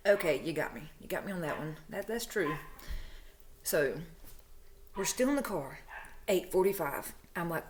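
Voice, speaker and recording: A woman's voice: on the low side, normal speed, long pauses, a little hiss or hum. Chatty, frank woman telling a story. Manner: chatty, animated, frank, laughs often. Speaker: true crime storyteller, channel host. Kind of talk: casual personal storytelling.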